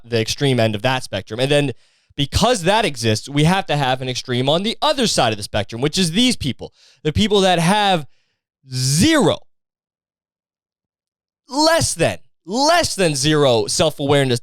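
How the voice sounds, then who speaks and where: A young Canadian man hosting a podcast, ranting casually with lots of profanity and an animated, rambling delivery, recorded outdoors on a street. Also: fairly high pitch, clear, resonant tone, no room sound. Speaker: podcast host. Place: outdoors in a street after a match.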